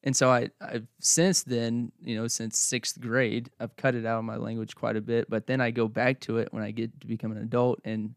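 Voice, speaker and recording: A man from Oklahoma who now talks, co-hosting a podcast in relaxed, chatty conversation with frequent laughter. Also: mid-range voice, moderate pace, gravelly, hardly any pauses, no room sound, clean studio sound. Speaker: podcast co-host. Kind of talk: casual chat.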